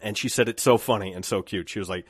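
A man's voice: fairly low pitch, fast, slightly rough, no room sound. A man in his thirties hosting a solo podcast, talking in a reflective, rambling way with restarts. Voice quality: dry mouth. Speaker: podcast host.

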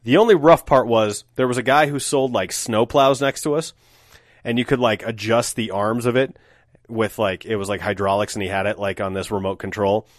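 A man's voice: fairly low pitch, fairly even intonation, moderate pace, no echo, clean studio sound. A man in his thirties hosting a solo podcast, telling stories in a wry, profane, casual way with lots of filler words. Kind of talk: casual storytelling monologue.

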